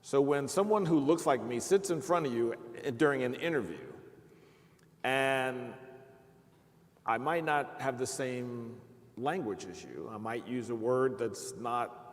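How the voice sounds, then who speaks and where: A man's voice: mid-range voice, measured pace. A man on a live panel telling his own stories earnestly, acting out the things people said to him. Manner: earnest storytelling, acting out quoted speech. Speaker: panelist, perioperative leader. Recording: reverberant hall.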